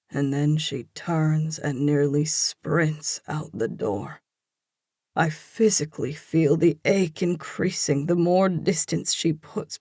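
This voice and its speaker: An audiobook narrator reading a first-person romance in a slow, intense, hushed delivery. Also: medium pitch, gravelly, slightly rough, no room sound, studio quality.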